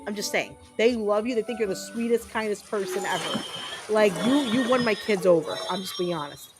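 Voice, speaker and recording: A woman in her thirties talking casually to her stream chat while she plays a game. She tells stories bluntly and chattily, with plenty of fillers and the occasional curse. Her voice sits at an ordinary pitch for a woman, with soft game music playing faintly behind her. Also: a little fast. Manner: blunt, chatty storytelling with frequent fillers and cursing.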